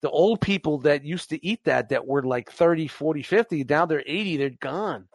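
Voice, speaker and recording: A man's voice: a little high, normal speed, no room sound. A man in his forties chatting casually, telling stories animatedly with laughs and swearing. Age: 40s. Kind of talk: casual chat.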